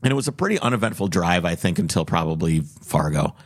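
A man from Minnesota, co-hosting a casual chat and telling a rambling, lively story. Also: deep voice, quick pace. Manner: rambling, animated storyteller with frequent "like" fillers. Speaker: podcast co-host.

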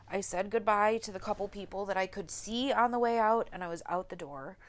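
A woman's voice: mid-range voice, fairly quick, hardly any pauses. A young woman hosting a podcast, candidly telling a personal story, swearing freely and getting close to tears. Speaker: podcast host.

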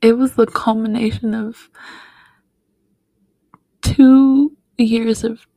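Slow, soft-spoken young woman telling her story. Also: fairly high pitch, flat delivery, creaky, no echo, poor audio. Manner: soft-spoken, heartfelt, with many fillers. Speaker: podcast guest. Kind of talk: personal storytelling.

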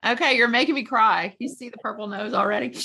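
A woman's voice: on the high side, fast, vocal fry, sharp tone, husky. A middle-aged woman realtor talking as a podcast guest, enthusiastic and emotional, laughing easily. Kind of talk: casual interview chat.

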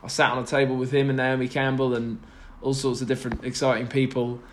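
A man's voice: mid-range voice, flat delivery, fast talker, slight background noise. A young man, a podcast guest, telling stories in a rambling, self-deprecating way with lots of restarts. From Britain. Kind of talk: casual chat.

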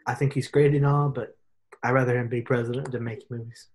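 A young man chatting casually and excitedly, with lots of slang and playful impressions. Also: medium pitch, quick pace, a little hiss or hum. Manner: animated, slangy, puts on voices for fun. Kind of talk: casual chat.

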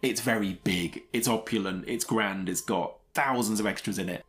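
A man's voice: on the low side, moderate pace. Man, podcast co-host, chatty, opinionated, laughs a lot. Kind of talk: casual film review chat.

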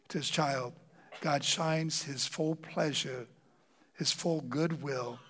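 A middle-aged pastor giving a conversational sermon, stumbling over fillers and repeated words, then slowing down to stress scripture. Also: male voice, a little high, a bit bright.

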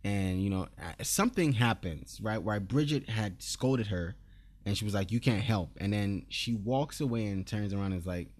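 A man's voice: on the low side, normal speed, darkish tone. A man co-hosting a casual podcast, recapping episodes in a laid-back, rambling way and laughing often. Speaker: podcast co-host.

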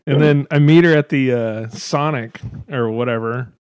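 Profane, animated man telling stories. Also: mid-range voice, slow, long pauses, smooth, no room sound, studio quality. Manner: profane, animated storytelling with frequent laughs. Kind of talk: casual chat.

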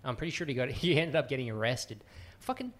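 A man's voice: mid-range voice, sing-song, fast talker, fairly bright tone. A man co-hosting a podcast in casual chat, laid-back and wisecracking, swearing casually. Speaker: podcast co-host.

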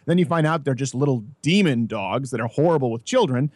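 A man's voice: medium pitch, fairly quick, no echo. A man hosting a casual comedic talk show, telling stories and mimicking other voices as he goes. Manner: animated storyteller, mimics voices in anecdotes. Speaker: podcast host.

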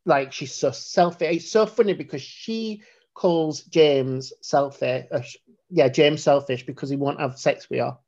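A man's voice: a little high, measured pace, darkish tone, highs cut off. A man co-hosting a casual film discussion podcast, talking bluntly and swearing freely. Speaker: podcast co-host.

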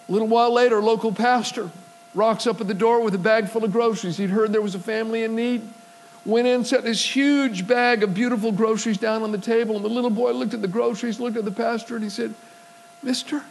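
A man with a high, light voice preaching in a storytelling way. He acts out the people in his stories and swells into emphatic preaching. A faint hum sits under the recording. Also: normal speed, poor audio. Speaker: pastor. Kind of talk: sermon.

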